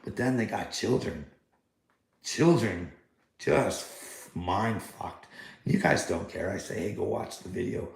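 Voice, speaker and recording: A man's voice: low voice, expressive, slow pace, vocal fry, reverberant. A man ranting angrily in a heated vlog monologue, swearing constantly as he retells a confrontation. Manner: angry, heated, swearing a lot. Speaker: vlogger.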